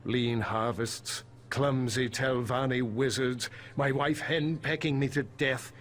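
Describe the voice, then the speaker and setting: A man's voice: mid-range voice, steady tone, slow pace, slight background noise. An actor playing a worried male farmer, a former financier and weary husband, polite and anxious. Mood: put-upon. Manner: polite, anxious, put-upon. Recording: game audio with soft music behind.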